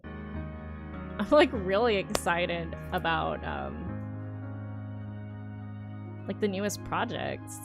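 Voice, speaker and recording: Gravelly, lively-voiced woman streamer reacting. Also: fairly low pitch, drawn-out words, pauses often, over music. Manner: enthusiastic, muses aloud, gushes. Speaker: streamer reacting to a games showcase. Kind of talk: casual reaction commentary.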